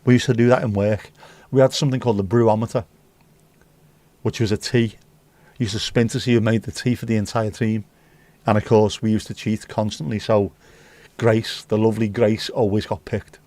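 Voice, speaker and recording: A man's voice: fairly low pitch, level tone, fairly quick, mellow, dry recording. A man hosting a livestream, rambling through jokey, sweary anecdotes in casual chat. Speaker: livestream host.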